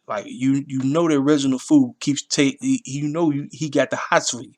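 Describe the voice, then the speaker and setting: A man reviewing a wrestling show in a casual rant, exasperated and animated, repeating himself and jumping high in pitch when outraged. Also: a little fast.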